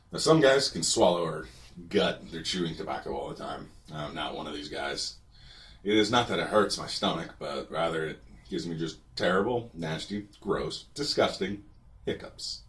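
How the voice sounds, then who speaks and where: Deep-voiced guy telling a story, dry funny delivery, mic kinda far away. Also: fairly bright tone. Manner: wry, dry humor. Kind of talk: storytelling narration. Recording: distant from the mic.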